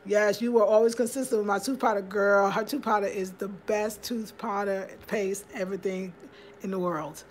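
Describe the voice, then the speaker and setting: Woman hosting a relaxed home livestream, chatty and upbeat, reading out viewer comments. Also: medium pitch, moderate pace, a little hiss or hum. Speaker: livestream host.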